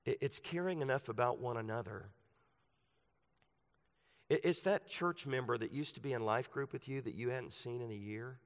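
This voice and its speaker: Male pastor preaching, mid-pitched, conversational to emphatic, long hall reverb. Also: normal speed. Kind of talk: sermon. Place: church sanctuary.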